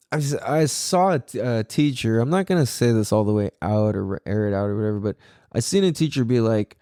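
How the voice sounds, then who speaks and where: A man hosting a podcast, talking in a loose, animated, profane rant full of fillers. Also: mid-range voice, dry recording, studio quality. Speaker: podcast host.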